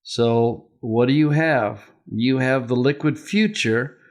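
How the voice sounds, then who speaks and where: An older man gives a Greek grammar lesson at an unhurried, measured pace. His voice sits at an ordinary middle pitch. He walks through each point patiently and poses questions to his students as he goes. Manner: explains step by step, asking rhetorical questions. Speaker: Greek teacher. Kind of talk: slow, deliberate Greek lesson.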